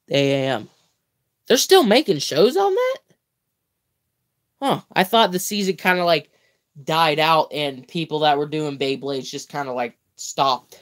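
Slow, playful young man reading aloud. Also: on the high side, a bit bright, clear, resonant tone. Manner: playful, theatrical reading with mock-grand exclamations; drawn-out words, self-corrections and stumbles. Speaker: livestream host. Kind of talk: reading a comic book aloud with chatty asides.

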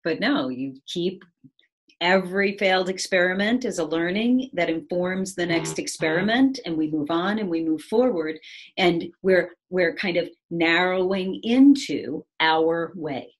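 An unhurried woman with a lowish voice gives a reflective, conversational talk about resilience and change over video call, often asking the listener "right?".

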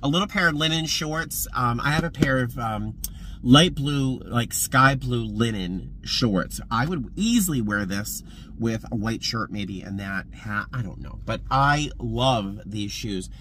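A man vlogging from his car in a loose, talkative way, his voice bright and sharp. He jumps between calm chatter and sudden loud exclamations. A faint background hum sits under the recording. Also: mid-range voice, unhurried. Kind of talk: casual vlog chat. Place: in a car and around a parking lot.

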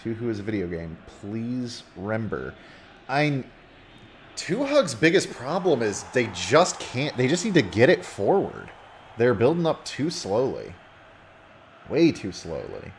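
A man casually commentating a video game football match play by play, getting loud when a goal goes in. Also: medium pitch, measured pace, slight background noise. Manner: casual, rising excitedly on goals.

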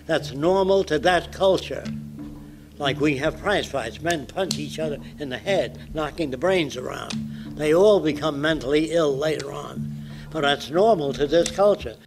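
A man's voice: a little high, measured pace, over music, low-quality recording. A man in his nineties giving a public lecture in a blunt, provocative way. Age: 90s.

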